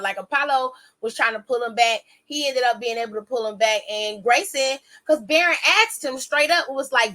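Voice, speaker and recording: A woman giving a casual, chatty recap of a wrestling show, animated and swearing freely, with quick asides that interrupt her own story. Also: a little high.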